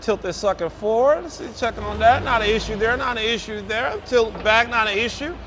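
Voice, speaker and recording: A man's voice: high voice, fairly quick. A man demonstrating a forklift outdoors, exuberant and hyped, repeating his praise and whooping as he drives. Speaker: forklift salesman demonstrating a lift. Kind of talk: enthusiastic product demo. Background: faint outdoor and vehicle noise.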